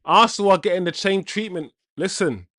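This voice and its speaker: A man's voice: fairly high pitch, expressive, normal speed, fairly bright tone. A man hosting a football watchalong, reacting live with indignant, casual slang.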